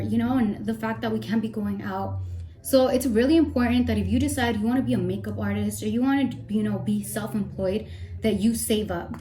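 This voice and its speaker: In a casual get-ready-with-me chat, a young makeup vlogger talks fairly quickly in a mellow, slightly high voice with fairly even intonation. She's a little out of breath as she rambles, tossing in playful asides while applying makeup.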